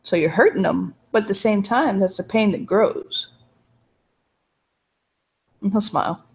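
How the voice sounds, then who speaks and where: Woman with a gravelly fry, rambly folksy in-character storytelling, talks like an older sister. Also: medium pitch, a little slow. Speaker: tabletop role-play player. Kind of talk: in-character role-play.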